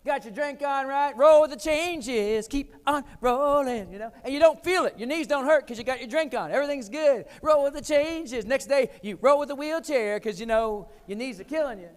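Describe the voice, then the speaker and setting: A man in his forties giving a keynote talk, telling comic, animated stories with sudden loud punchlines. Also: very high voice, moderate pace, few pauses, clear, resonant tone. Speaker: keynote speaker. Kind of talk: storytelling keynote speech. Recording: long hall reverb.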